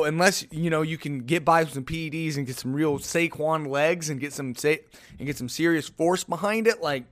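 Rambling man with a higher voice. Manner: rambling, animated, sarcastic asides. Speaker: sports podcast host. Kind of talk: casual solo sports podcast.

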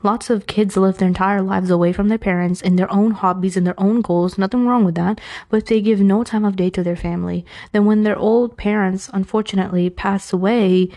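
New York-accented woman, frank chatty advice talker with self-aware humor, mellow tone, medium pitch. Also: steady tone, a little fast. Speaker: advice speaker. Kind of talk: casual Islamic advice talk.

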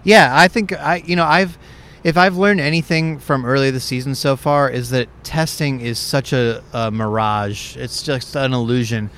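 A man's voice: mid-range voice, fairly even intonation, normal speed, a bit bright, a little hiss or hum. A young man hosting a podcast outdoors, chatting casually in a rambling, candid way. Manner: rambling, candid, self-correcting. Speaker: podcast host. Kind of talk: casual chat. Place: outdoors overlooking a racetrack.

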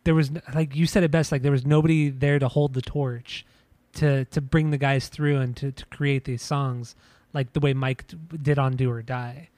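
A man's voice: medium pitch, level tone, normal speed, few pauses, darkish tone, dry recording. A man co-hosting a podcast, talking casually about music in a rambling way with many restarts. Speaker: podcast co-host. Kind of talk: casual chat.

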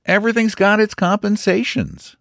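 A man voicing a confident young man who speaks slowly and with emphasis. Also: high voice, steady tone, gravelly, fairly bright tone, no echo, clean studio sound, pitched above the performer's own voice. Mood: assured. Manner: slow, assured, emphatic. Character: confident young man hosting, drawling, sure of himself.

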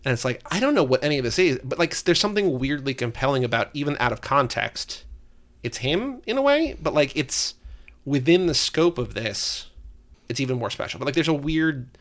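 A man's voice: medium pitch, very animated, a little fast, a bit bright. Chatty man enthusing on a podcast. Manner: enthusiastic, leans heavily on "like". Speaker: podcast co-host. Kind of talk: casual podcast chat.

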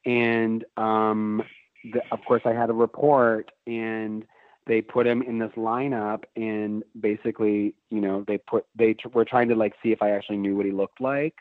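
A man's voice: lowish voice, little pitch movement, normal speed, no room sound. A man telling a long story in casual chat, swearing freely and rambling with fillers and restarts. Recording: phone-like narrow band.

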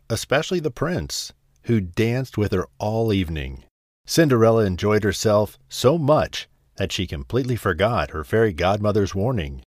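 A man reading a fairy tale aloud with a measured, expressive storybook delivery. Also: on the low side, no room sound, clean studio sound. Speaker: narrator. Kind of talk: storybook narration.

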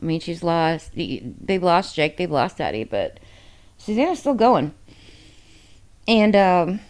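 A woman's voice: fairly low pitch, big pitch swings, slow, a little mellow. Candid, profane woman podcast co-host. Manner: candid, emotional and heavy on profanity; rambling, with many fillers. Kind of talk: casual book discussion.

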